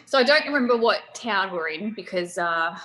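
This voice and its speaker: A young woman tells a lively anecdote over a video call, laughing easily as she goes. Her voice is bright and forward. A faint background hiss sits under the call audio. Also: mid-range voice, moderate pace, rough recording. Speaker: storyteller guest on a video call. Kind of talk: casual anecdote telling.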